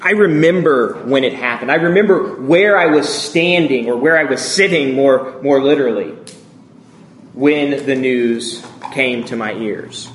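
Slow, hushed man in his thirties. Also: medium pitch, a little hiss or hum. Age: 30s. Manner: slow, measured, hushed storytelling with long pauses. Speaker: speaker addressing a congregation. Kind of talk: storytelling sermon.

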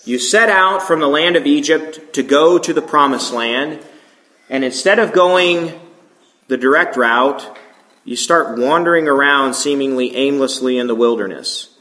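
A man's voice: medium pitch, measured pace, pushed and bright, reverberant. A male pastor giving an informal, conversational sermon that puts questions to his listeners.

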